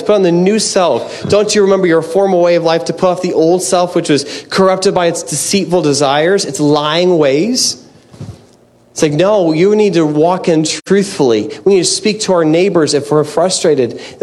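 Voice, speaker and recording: Man preaching conversationally, fairly high voice. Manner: conversational, animated preaching with self-deprecating asides. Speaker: pastor. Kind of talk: sermon.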